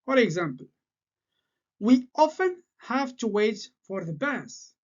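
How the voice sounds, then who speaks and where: A man whose first language is French teaches an English grammar lesson at an unhurried, careful pace. His pitch rises and falls in a lively way as he explains. The recording sounds a little dull and lo-fi. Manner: slow, deliberate explaining with repeated patterns.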